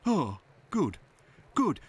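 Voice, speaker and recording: A chatty eager constable in a game, high voice, bounces around a lot. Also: male voice, huge pitch swings, extremely slow, exaggerated voice. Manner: chatty, deferential, impressed. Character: eager male London police constable. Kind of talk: video game voice acting.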